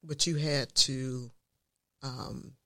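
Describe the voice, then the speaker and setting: A woman's voice: a bass voice, steady tone, very slow, a bit bright, dry recording, clean studio sound. A woman hosting a radio interview, reading disclaimers and prompting her guest with questions. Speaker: host.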